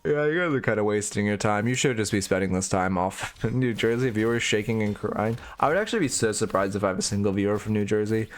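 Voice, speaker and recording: A man's voice: lowish voice, expressive, fast, few pauses, a little hiss or hum. A man giving casual live-stream coaching commentary on a video game, blunt and opinionated, swearing freely.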